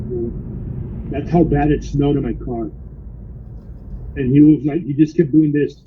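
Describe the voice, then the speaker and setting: A man's voice: medium pitch, phone-quality sound, noisy background. A man who drives for a rideshare service, casually telling a wild story from inside his car, quoting his riders and saying "bro" again and again. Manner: animated retelling with constant "bro".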